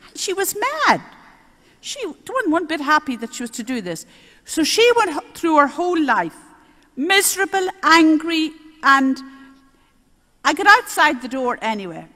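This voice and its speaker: An older woman, a nun giving a spiritual talk on prayer, telling stories in a lively way with little chuckles. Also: high-pitched, unhurried. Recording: roomy hall reverb.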